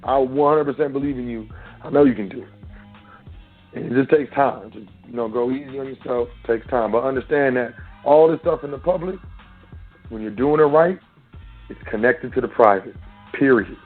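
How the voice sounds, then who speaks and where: A man hosts an internet call-in show, talking in loose, street-casual speech as he preaches straight at his listeners. His voice sits at an ordinary middle pitch. It comes through a thin, phone-like line with faint music underneath. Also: normal speed. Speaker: radio show host.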